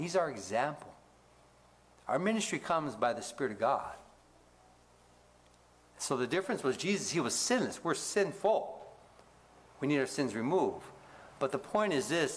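A male pastor delivers a sermon in a mid-pitched voice. He invites the congregation to finish his sentences and lifts his voice for emphasis. A faint background hiss sits under the recording. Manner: asks the congregation to fill in words; rises in pitch for emphasis, drops low to close points.

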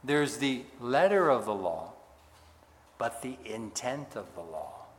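A man preaching a sermon with emphatic rises and hushed drops. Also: mid-range voice, lively intonation, slow. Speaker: pastor. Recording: hall reverb.

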